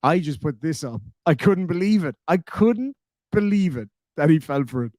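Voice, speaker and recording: A man's voice: a little high, expressive, normal speed, a little mellow, no room sound, clean studio sound. An Irish man from Ireland hosting a live stream, reading out viewer comments in a sarcastic, casual way and swearing freely.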